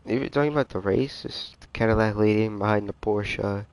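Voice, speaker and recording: A man's voice: on the low side, brisk, darkish tone, smooth. A man casually commentating a sim racing league stream, rambling and easygoing with muttered asides. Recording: faint background noise.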